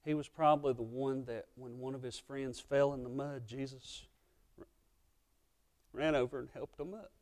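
A man preaching a sermon as pastor, emotional and impassioned, swinging between loud passages and hushed ones. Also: mid-range voice, steady tone, moderate pace.

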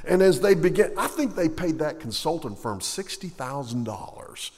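A man's voice: a little high, sing-song. Man preaching in a reverberant hall. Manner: swings between loud emphatic lines and hushed, slow ones. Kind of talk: sermon.

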